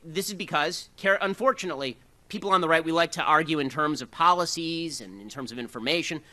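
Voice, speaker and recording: A man giving a fast, combative talk to a live audience, with sarcastic asides. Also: fairly high pitch, sharp tone.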